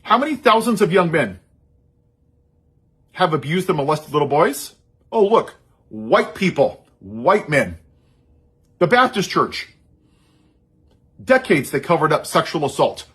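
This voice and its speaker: A man's voice: on the high side, sing-song, unhurried, pauses often, a bit bright, husky. A man giving an impassioned, sarcastic political monologue. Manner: sarcastic, heated, mocking asides. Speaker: social media commentator.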